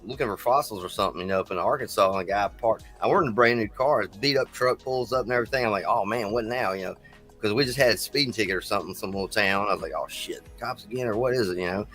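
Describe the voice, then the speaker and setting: A man's voice: fairly low pitch, rapid-fire, fairly bright tone, faint music behind. A man on as a guest in a casual chat, who tells rambling, easygoing stories and likes doing accents.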